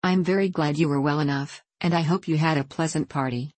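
A woman voicing a patient, sensible young woman who speaks calmly and reasonably in a storybook reading. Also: low-pitched, fast, no echo. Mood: polite. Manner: calm, reasonable.

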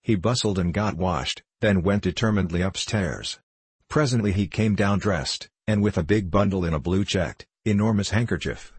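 A man narrating a novel in a measured, even storytelling delivery. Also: low-pitched, breathy edge, no echo. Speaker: audiobook narrator.

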